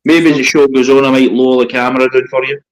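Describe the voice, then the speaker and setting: A man's voice: mid-range voice, level tone, fast, poor audio. A Scottish man, a paranormal investigator, joking dryly as a guest in a casual live chat.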